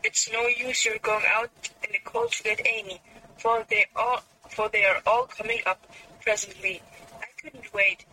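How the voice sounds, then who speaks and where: A woman's voice: medium pitch, steady tone, unhurried, bright, forceful tone, a little hiss or hum, rough recording. A woman reading aloud as Laurie, a cheerful, playful young man, pleading cheerfully.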